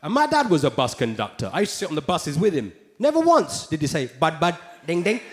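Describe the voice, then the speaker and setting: A man's voice: fairly high pitch, quick pace. A man with a London accent performing a live stand-up routine, swearing freely and acting out hecklers. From England. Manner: animated, swearing, acts out hecklers in raised voices. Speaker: stand-up comedian. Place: large live venue with audience. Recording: echoey live venue with crowd laughter.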